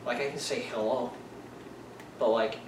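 A man co-hosting a casual gaming podcast who makes sarcastic, deadpan jokes and swears. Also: mid-range voice, a little slow. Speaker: podcast co-host. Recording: echoey room, distant mic, noisy.

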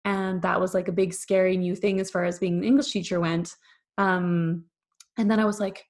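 A woman from Canada in her thirties talks as a podcast guest. She tells her story loosely and with energy, filling it with "like" and putting on the voices of the people in it. Her voice sits in an ordinary middle pitch. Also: normal speed. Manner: animated, acts out quoted voices, frequent fillers. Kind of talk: casual storytelling chat.

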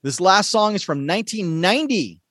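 A man's voice: high voice, expressive, normal speed, fairly bright tone, dry recording. A man hosting a music quiz podcast in a playful, teasing manner. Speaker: game show host.

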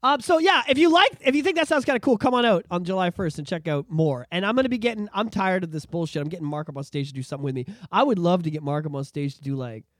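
Man, high lively voice, fast talker, dry close mic, podcast host, joking, swears a lot. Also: no room sound. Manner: joking, excitable, swears freely. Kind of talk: casual chat.

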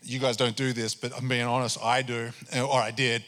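Man pastor, mid-pitched, animated sermon storyteller, church reverb. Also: moderate pace. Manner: animated storytelling, acting out his own prayers. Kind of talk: sermon testimony.

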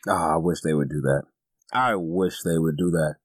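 A man co-hosting a casual movie review podcast, talking in an animated way, laughing often and swearing casually. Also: extremely low pitch, normal speed, husky, no echo, studio quality. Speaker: podcast co-host.

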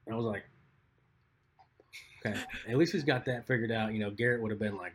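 A man's voice: fairly low pitch, steady tone, fast talker, breathy edge. A man co-hosting a podcast, telling stories in a chatty way with lots of filler words. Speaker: podcast co-host. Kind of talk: casual storytelling chat.

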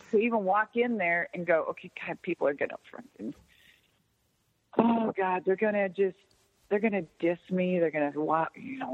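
A woman telling a story in casual chat, animated and profane, often jumping into an excited high voice. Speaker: podcast guest. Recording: tinny phone-line sound with long reverb.

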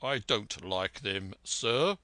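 A man's voice: fairly low pitch, animated, sharp tone, no room sound, heavily acted. A man playing a stern, blunt sea captain. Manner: measured, deliberate, firm.

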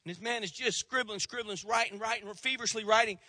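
Male pastor, bright tense preaching voice, dry close sound, dramatic swings from loud to hushed. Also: sits high, fast, no room sound. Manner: tells jokes and acts out quoted voices. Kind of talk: sermon.

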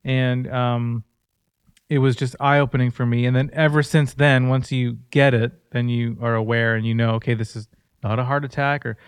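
A man's voice: medium pitch, flat delivery, normal speed, clean tone, dry recording, studio quality. A man in his thirties co-hosting a casual faith-based podcast, telling personal stories in an earnest, conversational way. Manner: earnest storytelling. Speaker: podcast co-host.

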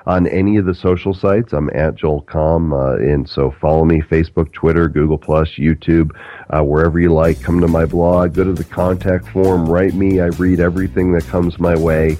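A man's voice: low voice, fairly even intonation, moderate pace, dark tone, soft background music. A man being interviewed as an entrepreneur and speaker, talking in an upbeat, expansive way and repeating words as he thinks. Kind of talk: conversational interview answers.

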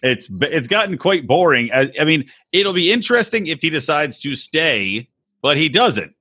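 A man co-hosting a podcast, chatting casually and swearing, mocking people by quoting them in high voices. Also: moderate pace, husky. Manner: animated, profane, mocking quotes in high voices. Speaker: podcast co-host. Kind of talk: casual chat.

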